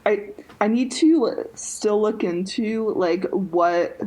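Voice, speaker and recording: A woman's voice: medium pitch, takes it slowly, mellow, low-quality recording. A woman co-hosting a podcast, telling a story in a casual chat full of "like" and "um". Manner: chatty, heavy use of "like" and "um". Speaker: podcast co-host.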